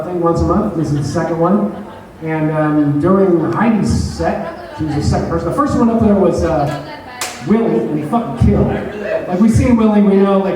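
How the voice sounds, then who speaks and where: A stand-up comedian, a man, casually retelling a story from his own show, profane and self-mocking. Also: on the high side. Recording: echoey room, voice from a distance.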